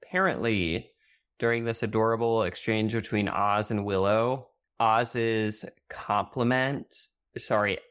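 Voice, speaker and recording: A woman's voice: a bass voice, steady tone, a little slow, clear, resonant tone. A young woman co-hosting a casual rewatch podcast, chatty and full of fillers as she shares trivia. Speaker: podcast co-host.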